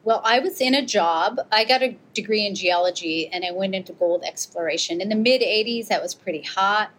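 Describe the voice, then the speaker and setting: A woman's voice: mid-range voice, fairly quick, a little hiss or hum, poor audio. A middle-aged American woman, an avalanche rescuer and author, telling her story in an interview and acting out the quoted exchanges. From United States. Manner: animated, acts out quoted exchanges.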